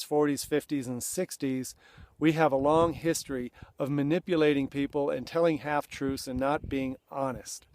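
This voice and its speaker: A man's voice: medium pitch, a little mellow, slight background noise. A middle-aged man coaching other men in a direct-to-camera talk, earnest and plain-spoken, acting out blunt confessions. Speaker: men's coach.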